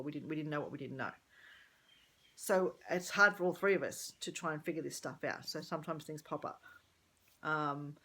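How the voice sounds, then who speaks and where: A woman's voice: low voice, sharp tone, slightly rough. A middle-aged woman talking candidly in a rambling personal vlog, thinking aloud and correcting herself as she goes. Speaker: vlogger.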